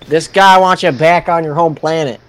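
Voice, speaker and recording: A man's voice: on the high side, fairly even intonation, moderate pace, very noisy. A man improvising game role-play as a hot-tempered sidekick who talks crudely and swears often.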